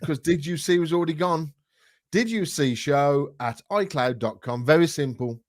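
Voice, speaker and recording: A man's voice: a little high, normal speed, no echo, studio quality. A man co-hosting a casual chat show, blunt, dismissive and jokey. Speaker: podcast co-host.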